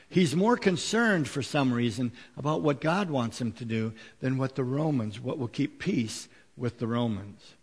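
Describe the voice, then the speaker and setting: A man's voice: a little high, husky, long reverb tail. A man preaching a sermon as a pastor, talking conversationally with fillers and rhetorical questions.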